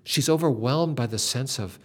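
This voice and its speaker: An older man telling a faith story in an earnest, dramatic way, with lively shifts in emphasis. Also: medium pitch, normal speed.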